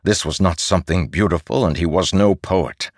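Low voiced guy reading a fantasy audiobook, steady pace, dry close sound. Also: dry recording. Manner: measured, steady storytelling. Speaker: audiobook narrator. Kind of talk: scripted narration.

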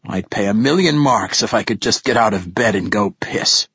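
A man voicing an ancient, foul-mouthed male poet in an audiobook, rasping and grouchy as he mumbles his curses. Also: fairly low pitch, expressive, normal speed, a bit bright, no echo, full character voice. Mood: cranky. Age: older. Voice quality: rasping, profane grumble. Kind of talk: audiobook character voice. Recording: slightly dull audiobook recording.

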